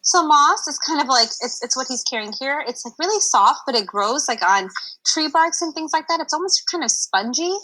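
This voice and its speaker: A woman's voice: high-pitched, lively intonation, moderate pace, sharp tone, poor audio. A young adult woman reading a picture book aloud to children on a livestream, stopping to explain words in a chatty way.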